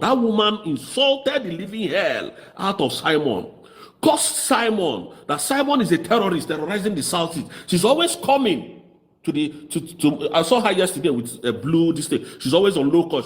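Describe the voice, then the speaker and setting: Nigerian igbo guy ranting politics, mocking and heated, voice a bit high, jumps up and down a lot. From southeast Nigeria. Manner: mocking, impassioned, switches into Igbo. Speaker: political commentator. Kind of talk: fiery political commentary.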